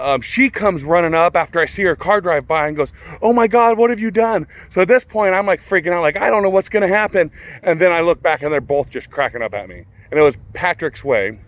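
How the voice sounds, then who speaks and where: A man's voice: fairly high pitch, a little fast. A man working as a car salesman, telling a funny story to the camera outdoors at a car lot in a casual, chatty way. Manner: chatty, animated when quoting others.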